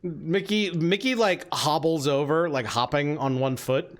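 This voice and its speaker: A woman narrating as dungeon master, with an animated manner. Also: sits low, measured pace. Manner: animated, laughs easily. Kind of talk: narrating a tabletop game.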